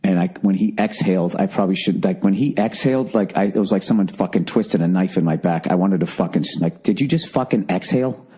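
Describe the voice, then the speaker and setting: A man's voice: deep voice, quick pace, hardly any pauses, mellow, breathy edge. A man hosting a podcast alone, ranting in an exasperated, profane solo monologue. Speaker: podcast host. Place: alone in a room.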